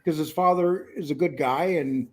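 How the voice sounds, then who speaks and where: A man's voice: a little high, normal speed, darkish tone. A man hosting a loose live-stream talk over a call. He rambles through his points in a teasing, joking way, with many "uh"s and restarts. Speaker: host. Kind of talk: casual live-stream chat.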